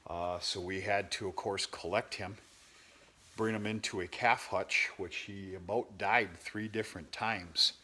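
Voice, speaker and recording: A man's voice: fairly low pitch, steady tone, a little slow, pushed and bright. A man who raises cattle, talking casually and bluntly to camera on his farm, rambling and cursing mildly as he walks around. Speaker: cattle farmer. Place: outdoors on a farm.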